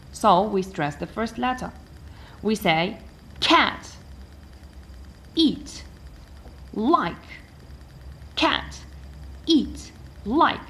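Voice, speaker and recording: A woman teaching an English lesson, explaining slowly and patiently and repeating key words. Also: medium pitch. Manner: patient and repetitive, switching between English, Arabic and French. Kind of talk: language lesson explaining word stress.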